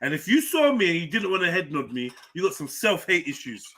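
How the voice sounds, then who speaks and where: A man's voice: high voice, sing-song, a little fast, fairly bright tone, rough recording. A man hosting an open panel, talking animatedly and breaking into laughs and quoted voices. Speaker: host. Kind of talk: casual chat.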